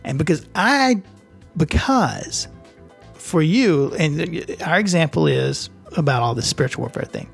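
A man's voice: on the high side, expressive, unhurried, creaky, husky, faint music behind. A man co-hosting a casual faith discussion, hesitant and searching for his words with many restarts. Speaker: podcast co-host.

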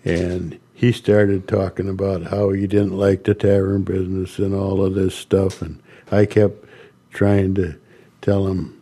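An older man tells stories at a slow, unhurried pace. His voice is low and mellow. He talks haltingly, with frequent restarts and soft chuckles. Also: completely flat delivery, breathy edge. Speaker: interviewee recounting ministry. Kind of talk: storytelling interview.

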